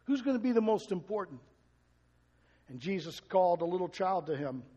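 An older man preaching a sermon, telling stories with emphatic swells and soft asides. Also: high voice, sing-song, moderate pace, big-room sound. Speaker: pastor.

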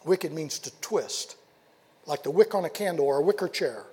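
A man preaching a sermon in a high, somewhat husky voice, leaning on rhetorical questions and sudden quiet emphasis as he tells a parable. His voice carries a long reverb from a large hall. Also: normal speed. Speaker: pastor.

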